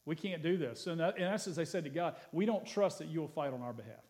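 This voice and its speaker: High-voiced man preaching a sermon. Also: lively intonation, quick pace. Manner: reads scripture aloud with rising emphasis; prays in a soft, lowered voice. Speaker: pastor.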